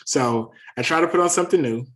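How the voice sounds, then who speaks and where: A man with a Southern US accent, chatting as a podcast guest and telling lively self-deprecating stories. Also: a little high, fast talker. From American South. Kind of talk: casual chat, storytelling.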